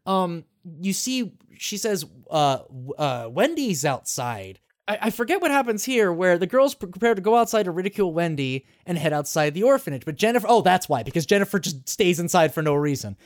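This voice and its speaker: A male podcast host recapping a game in loose, casual chat. His pitch swings widely as he swears, laughs and restarts his sentences. The sound is dry and close, with no room echo. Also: fairly quick, few pauses. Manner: animated, swears freely and laughs often; rambling with frequent restarts.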